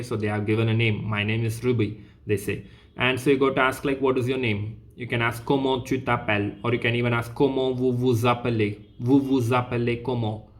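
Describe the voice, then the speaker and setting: A man teaching a French revision lesson, explaining patiently and repeating phrases with a steady "okay", slowing down to spell out French words. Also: medium pitch.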